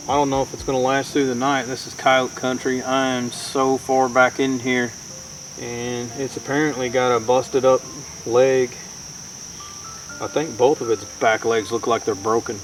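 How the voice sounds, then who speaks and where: A man's voice: medium pitch, slight background noise. A man, chatting casually to viewers while camping outdoors in the woods. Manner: folksy, chatty, talks to viewers as y'all. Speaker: outdoor vlogger. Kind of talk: casual camping vlog narration.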